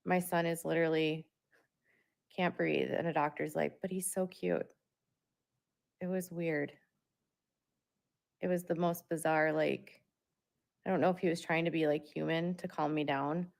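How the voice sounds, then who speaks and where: Young adult woman, low and gravelly, rambling casual vlog talk. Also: steady tone, normal speed, pauses often. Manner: rambling, talks through filler words. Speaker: parent vlogger. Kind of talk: casual monologue to viewers.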